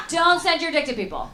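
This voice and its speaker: Her voice is extremely high-pitched with a sharp tone. A young woman performing a stand-up comedy set in a club, she keeps it chatty and playful with the audience. The club sound is roomy and full of the crowd's laughter.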